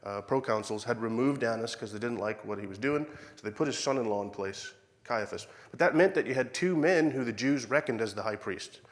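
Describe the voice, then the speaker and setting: Irish-accented male preacher, chatty church sermon, acts out the dialogue, mid-pitched voice. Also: fairly quick, few pauses. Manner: conversational, acts out quoted dialogue, self-corrects. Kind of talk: sermon with Bible reading.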